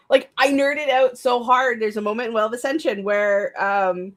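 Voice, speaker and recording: Excitable, rambling young woman streamer. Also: a little high. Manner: excitable, rambling, stumbles and restarts, laughs often. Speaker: streamer hosting a write-with-me stream. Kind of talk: casual live-stream chat.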